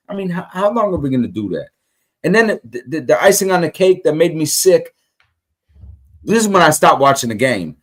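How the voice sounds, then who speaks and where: On a casual sports talk show, a male co-host rants heatedly about his team, stumbling into restarts and repeating himself to hammer each point home. His voice is animated, brisk and a little high for a man.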